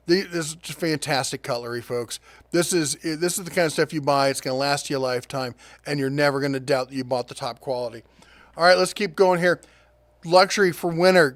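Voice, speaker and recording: A middle-aged man hosting a casual deals rundown, chatty and quick with asides, laughing at his own jokes. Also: on the high side, dry recording. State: prone to coughing fits. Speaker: host of a tool and deals channel.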